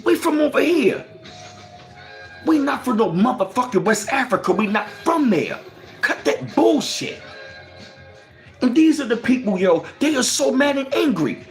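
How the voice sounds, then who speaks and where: Man, livestream host: heated, swearing commentary with a lively, swinging pitch. Reads chat aloud. Faint music underneath. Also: unhurried, long pauses. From United States. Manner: profane and emphatic, firing off rhetorical questions.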